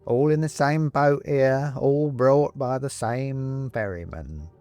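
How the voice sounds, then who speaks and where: A man voicing a talking skeleton ornament who speaks slowly in a falsely soothing, coaxing way. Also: medium pitch, a little mellow, clear, resonant tone, faint music behind. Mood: creepy coaxing. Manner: slow, drawn-out, falsely soothing.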